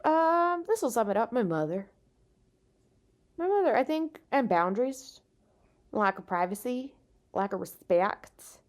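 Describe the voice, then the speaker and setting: A woman's voice: a little high, very animated, unhurried, long pauses. A tired woman hosting a podcast, venting frankly and with a lot of swearing while lying in bed with no proper microphone. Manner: frank, profane, self-deprecating venting. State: exhausted. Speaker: podcast host; stand-up comedian. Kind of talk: casual solo podcast monologue. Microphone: no podcast microphone, makeshift mic.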